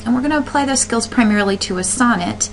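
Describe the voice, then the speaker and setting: A woman's voice: on the high side, lively intonation, fast, poor audio. A woman teacher talking students through a recorded lesson, explaining step by step with frequent fillers and restarts. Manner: explanatory, with fillers and self-corrections.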